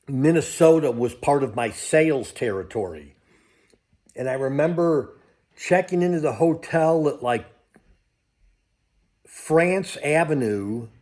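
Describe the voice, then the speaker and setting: A man's voice: medium pitch, darkish tone. An older man, a crypto vlogger, talking casually to his viewers in a rambling way that keeps losing its thread. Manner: rambling, loses his train of thought. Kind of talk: casual travel vlog.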